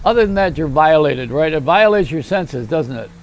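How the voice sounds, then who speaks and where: A man's voice: fairly high pitch, expressive, moderate pace, slight background noise. An older man hosting a rambling, self-mocking comedy monologue, chuckling at his own jokes. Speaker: host.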